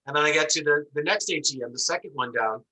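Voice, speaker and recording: A man teaching an online class, telling an animated story and acting out the voices as he explains. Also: on the high side, fast, low-quality recording. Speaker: instructor.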